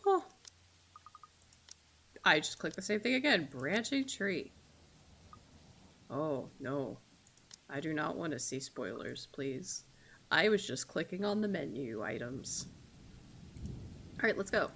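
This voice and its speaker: Animated American woman streamer. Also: low voice, slow pace, pauses often, a little hiss or hum. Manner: animated, swears and laughs, dramatic narration. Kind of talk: casual game commentary, reading game text aloud.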